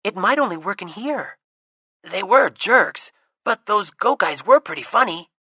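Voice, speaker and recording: A woman plays an eager, impulsive boy in an audiobook. The voice is bright and animated, with a husky grain, close and dry. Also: mid-range voice, measured pace, no room sound, voice pushed up, exaggerated voice. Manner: eager, blunt. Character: boy, impulsive bold younger brother.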